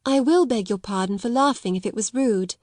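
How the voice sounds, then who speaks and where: A woman's voice: fairly high pitch, brisk, darkish tone, no room sound, clean studio sound, close to an everyday voice. A woman voicing a proud young schoolgirl who speaks in a grand, polite, self-possessed way.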